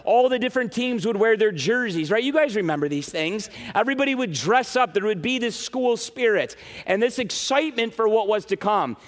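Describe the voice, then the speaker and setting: A man preaching a sermon to his congregation in an animated way, with frequent "right?" asides. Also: high-pitched, brisk, few pauses. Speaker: pastor. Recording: reverberant hall.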